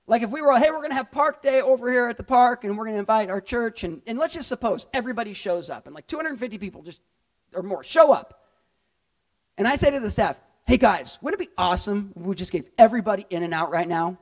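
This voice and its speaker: A middle-aged male pastor preaching a lively sermon, often acting out the voices of people in the story. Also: extremely high pitch.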